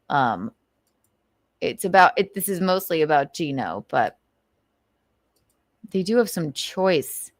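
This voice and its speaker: A woman's voice: low voice, no room sound, studio quality. A woman hosting a casual livestream, rambling and gossiping, swearing freely as she vents. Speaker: livestream host.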